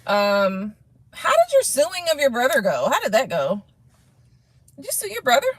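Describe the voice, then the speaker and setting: A woman hosting a live tarot stream, reading viewer comments in a casual, animated way, laughing often and swearing freely. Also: high voice, normal speed, dry recording.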